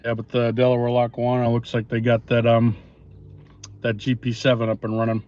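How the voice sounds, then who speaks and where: A man chatting casually with viewers on a live stream, relaxed and rambling, with many pauses and fillers, recorded on a phone outdoors. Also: medium pitch. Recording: dull lo-fi phone audio, faint noise.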